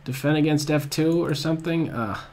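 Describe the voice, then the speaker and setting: Speaking into a desk microphone, a man commentates live on his own blitz chess game, excitable and groaning at his own blunders. His voice is on the high side and his pace is normal.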